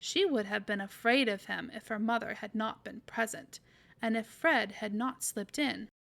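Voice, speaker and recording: A woman storyteller reading a classic story aloud in a measured, expressive way. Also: a little high, gravelly. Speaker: podcast storyteller.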